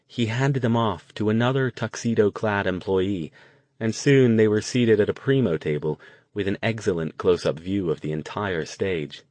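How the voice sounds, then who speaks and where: A man narrating an audiobook in a steady, measured way. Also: lowish voice, no room sound. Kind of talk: scripted narration.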